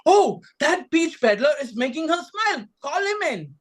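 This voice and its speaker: A man from India voicing a vain, demanding male castle lord in a shrill, loud, whining voice. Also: very animated, normal speed, exaggerated voice. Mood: pleased.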